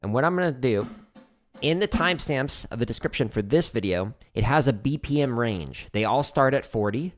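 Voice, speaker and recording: Soft music plays in the background while a man with a medium-pitched voice, speaking at normal speed, gives a livestreamed drum lesson from his practice room. His relaxed talk through technique includes fillers and goes through a studio mic near the kit.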